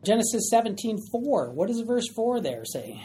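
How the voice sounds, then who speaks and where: A woman's voice: on the high side, big pitch swings, normal speed, warm tone, slight background noise. A woman teaching a Bible study class, emphatic and often questioning her group.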